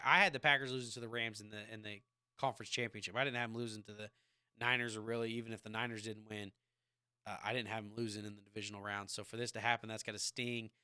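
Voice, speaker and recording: A man in his thirties hosting a casual sports podcast from his home basement, rambling in an animated fan's way. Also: medium pitch, clear, resonant tone, no room sound, studio quality. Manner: rambling, animated football fan. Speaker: podcast host.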